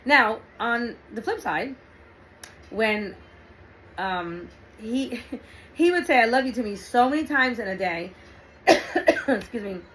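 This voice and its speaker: A middle-aged woman hosting a relationship talk, telling a personal story in a chatty, animated way with frequent laughs and fillers. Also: fairly high pitch, slow, long pauses, a little hiss or hum, rough recording. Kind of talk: casual storytelling monologue.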